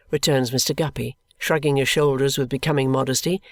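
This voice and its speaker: An audiobook narrator reading a classic novel in a measured, even way. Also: mid-range voice, dry recording.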